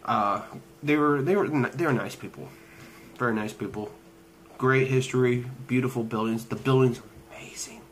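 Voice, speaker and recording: A man's voice: mid-range voice, moderate pace, a little hiss or hum, low-quality recording. A young man chatting casually in a travel vlog, rambling and hesitant with many fillers and restarts. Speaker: vlogger. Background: background music.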